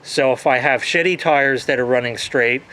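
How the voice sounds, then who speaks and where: A man's voice: medium pitch, normal speed, sharp tone. A man ranting casually to his audience, swearing freely and replaying conversations in quoted dialogue. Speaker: vlogger. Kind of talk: casual profane rant.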